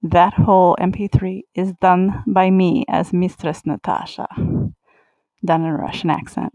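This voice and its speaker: A woman's voice: fairly low pitch, no echo, rough recording. Woman doing a bossy teasing mantra, sometimes whispery, dry close sound. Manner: commanding and teasing, slipping into soft whispers. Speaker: adult audio creator. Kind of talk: scripted domination mantra recording.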